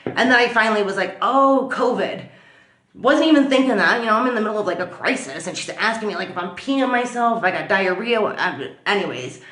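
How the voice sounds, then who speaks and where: A woman vlogger telling a story in a chatty, animated way, full of fillers. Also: mid-range voice, quick pace, reverberant. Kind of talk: casual storytelling to camera. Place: at home.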